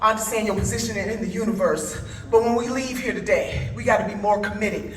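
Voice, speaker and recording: A woman's voice: fairly high pitch, brisk. A woman giving an impassioned conference speech with a preacher-like cadence, folksy and rousing as she talks straight to the crowd. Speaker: conference speaker. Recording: echoey hall from a distance, with crowd and music.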